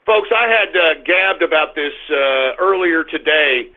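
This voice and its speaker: A high-voiced man holds forth on his talk radio show, ranting and cursing and now and then breaking into loud outbursts. His voice comes through thin and tinny, like a phone line. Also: lively intonation, unhurried. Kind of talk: call-in talk radio monologue.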